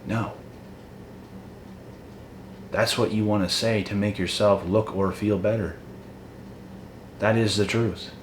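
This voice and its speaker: This motivational monologue is a blunt, profane, confrontational rant delivered directly to viewers by a channel host. His voice is fairly low with fairly even intonation, and he speaks slowly with long pauses. Faint noise and echo fill the room.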